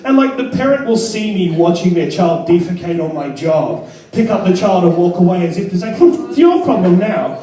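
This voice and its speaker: A young man performs a crude, self-deprecating stand-up set in a club, his high, mellow voice moving a little fast over faint music. The echoey club is recorded from far off, with a laughing crowd behind him.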